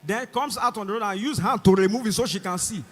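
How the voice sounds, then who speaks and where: A young man with a Nigerian English accent performing a stand-up comedy routine on a concert stage, animated and acting out voices. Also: high-pitched, quick pace. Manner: animated, acts out voices and shouts. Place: large concert hall stage. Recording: live concert hall reverb.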